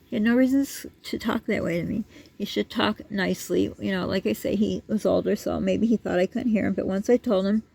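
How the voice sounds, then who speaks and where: A woman's voice: mid-range voice, a little fast, vocal fry, warm tone, slightly rough. A woman vlogger telling a story in a casual, rambling way, full of asides and restarts. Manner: rambling, digressive, with many asides.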